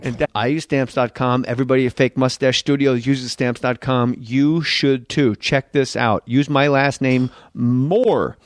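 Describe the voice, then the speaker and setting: A man's voice: medium pitch, a little slow, hardly any pauses, no room sound, clean studio sound. A middle-aged man hosting a comedy podcast, joking around and reading an ad. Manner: animated, jokey, lots of put-on quote voices. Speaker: podcast host. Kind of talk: casual comedic chat and host-read ad.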